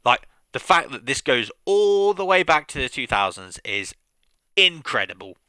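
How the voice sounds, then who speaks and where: A man's voice: mid-range voice, big pitch swings, moderate pace, pushed and bright, clean tone, no room sound. A man streaming a game, recapping at length in casual commentary, with frequent fillers and restarts.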